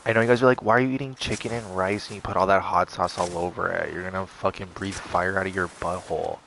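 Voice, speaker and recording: A young man casually telling a story to the camera, animated, quoting others in a raised voice, with laughs and swearing. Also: low voice, vocal fry, a little hiss or hum. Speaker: vlogger.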